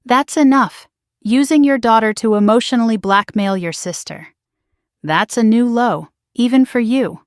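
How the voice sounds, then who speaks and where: A woman's voice: mid-range voice, animated, a little slow, no echo, studio quality. A woman voicing a loyal, no-nonsense friend who speaks in an ice-cold, firm way. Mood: icy.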